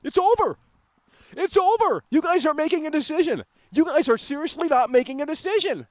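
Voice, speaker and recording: A man hosting a gaming livestream, ranting in a brash, combative way that swings into loud outbursts on a close mic. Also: very high-pitched, lively intonation, brisk, no room sound.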